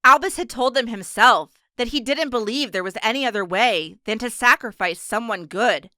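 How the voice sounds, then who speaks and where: A woman reads an audiobook aloud in a steady, measured way. Her voice is bright and crisp, and the recording is close and completely dry. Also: on the high side, no room sound. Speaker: audiobook narrator. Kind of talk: scripted narration.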